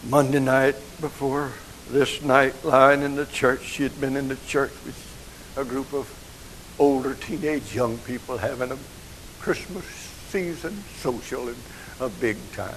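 An older man, preaching an emotional sermon that moves from soft, hushed passages to rising outcries. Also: mid-range voice, a little slow, long pauses, slight background noise, poor audio.

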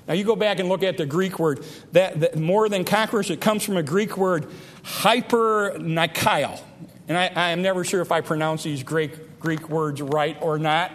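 A man preaching a sermon, emphatic, often repeating and restarting words, rising to loud peaks and dropping low. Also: normal speed, in a large hall.

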